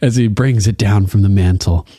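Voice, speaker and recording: A man's voice: on the low side, normal speed, mellow, dry recording, studio quality. A man in a casual chat, animatedly retelling a TV episode, laughing often and acting out the quotes. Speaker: podcast co-host recapping a TV episode.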